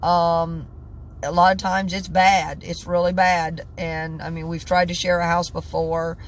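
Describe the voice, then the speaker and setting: A tired woman in her sixties talking in a casual vlog, stressed and halting, often repeating herself and restarting sentences. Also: fairly low pitch, level tone, a little hiss or hum. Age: 60s. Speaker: vlogger. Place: in her truck at a truck stop.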